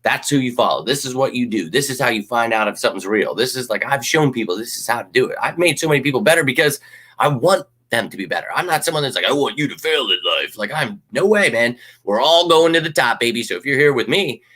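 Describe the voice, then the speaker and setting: Hyped young fan host. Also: male voice, mid-range voice, fast talker. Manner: animated, hyped, rambling with fillers, bursts of shouting. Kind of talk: casual livestream talk.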